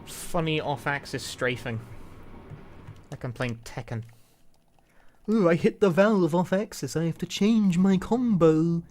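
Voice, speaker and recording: A man's voice: on the high side, animated, unhurried, pauses often, a little mellow, a little hiss or hum. A man with a London accent chatting casually while playing a game on a live stream, rambling, wry and swearing now and then. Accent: London English. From London, England. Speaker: speedrunner streamer.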